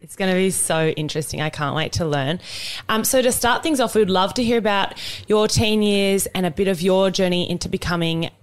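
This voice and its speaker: A woman's voice: mid-range voice, a little fast, clear, resonant tone. A woman co-hosting a podcast, chatting casually in a playful, giggly way. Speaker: podcast co-host. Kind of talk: casual chat.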